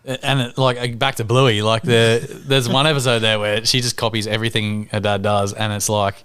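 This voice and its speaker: A man in his thirties with a smooth, resonant voice, talking close to the mic in a dry, dead room. He tells parenting stories with energy, jumping up high to mimic his kids. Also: normal speed, no room sound. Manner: animated, acts out kids' voices. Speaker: podcast co-host. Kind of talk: casual chat.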